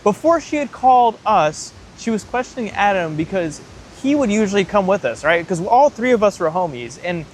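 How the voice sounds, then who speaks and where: A man's voice: high-pitched, very animated, normal speed, a little hiss or hum. A young man telling a story in a casual, rambling way, swearing freely and saying "like" constantly. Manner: profane, rambling, heavy use of "like". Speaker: storytime vlogger.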